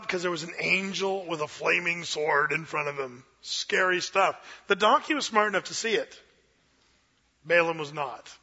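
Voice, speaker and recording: Animated preacher with a bright, dull-sounding voice. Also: male voice, sits high. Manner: animated storyteller, acts out voices. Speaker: pastor. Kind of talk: sermon. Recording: dull lo-fi sermon recording.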